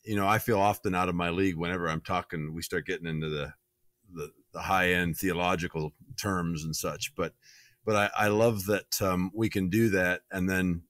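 A man co-hosting a podcast with a very deep voice. He talks in a humble, easygoing way, and the sound is dry and close. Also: steady tone, normal speed, a bit bright, no echo. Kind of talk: casual chat.

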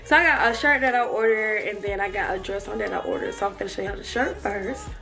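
A young fashion vlogger chats casually with viewers during a try-on haul, laughing and out of breath. Her voice is medium-pitched, quick, and gravelly. The recording is in an echoey room, far from the mic, with faint music.

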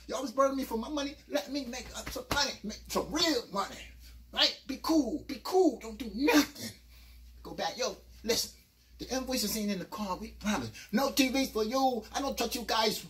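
A man telling a comic story on stage, animated and loud with sudden squeals, from a distant mic. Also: extremely high pitch, brisk. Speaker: comedian. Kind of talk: stand-up comedy storytelling.

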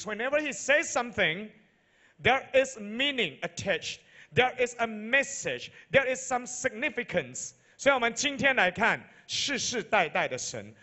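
A man with a Malaysian accent, a pastor preaching a sermon, repeating each point in two languages and building to loud, emphatic peaks. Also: sits high. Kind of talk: bilingual sermon.

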